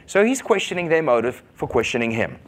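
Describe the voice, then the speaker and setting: Animated male preacher with a lively voice. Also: mid-range voice. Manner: animated, asks the congregation questions, quick bursts. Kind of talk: sermon.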